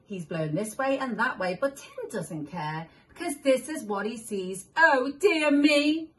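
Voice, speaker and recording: A woman reading picture books aloud to young children, animated, making animal sounds and asking the listener questions. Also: medium pitch, measured pace. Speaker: children's story reader.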